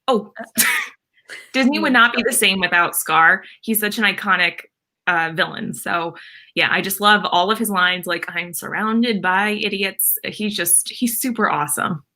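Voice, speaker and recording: A woman guest in a casual chat, relaxed and rambling. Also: mid-range voice.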